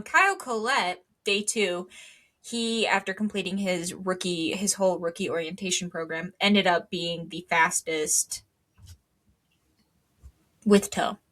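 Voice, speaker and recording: With a medium pitch and a fairly bright tone, this young podcast co-host chats casually. Her talk meanders, heavy on filler words and dry, wry comments.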